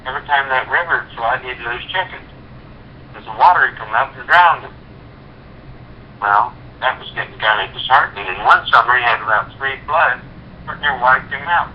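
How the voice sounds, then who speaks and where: A man leading a sales team, giving a folksy motivational talk with homespun stories. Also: medium pitch. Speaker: network marketing leader. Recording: dull lo-fi recording with faint hiss.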